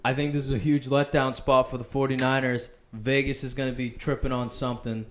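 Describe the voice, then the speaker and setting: A young man hosting a casual sports betting podcast, loud and laughing, swearing often. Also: mid-range voice, little pitch movement, a little fast, a little hiss or hum. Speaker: podcast host.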